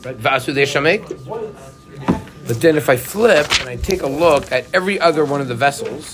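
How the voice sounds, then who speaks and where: A man's voice: medium pitch, brisk, music in the background. A man teaching a Torah class who keeps asking his students questions. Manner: animated, asks the class questions.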